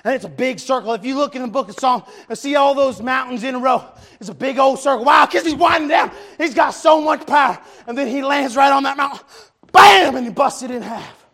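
Fiery male preacher, high rough voice, repeats refrains and shouts them out. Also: a little fast. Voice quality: gravelly, high-pitched voice. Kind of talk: shouted revival sermon.

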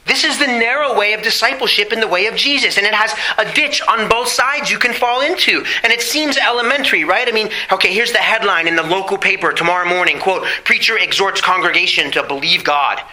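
A middle-aged man preaching a sermon, asking the congregation questions and slowing down on key phrases. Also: high voice, bright, forceful tone, poor audio. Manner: preaching with rhetorical questions and emphatic slow phrases. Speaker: pastor.

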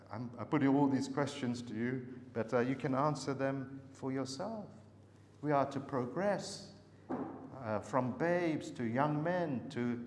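A male preacher delivers a sermon, pressing his listeners with one searching question after another and stopping often on small hesitations. His voice has a middle pitch and carries a long reverb, as if heard in a large hall, with faint noise in the background. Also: a little mellow. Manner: earnest, searching rhetorical questions with many hesitations.

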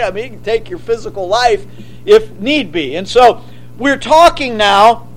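A man's voice: extremely high pitch, rough recording. A man preaching a sermon, emphatic and often asking his listeners questions. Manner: emphatic, asks the congregation questions. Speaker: pastor.

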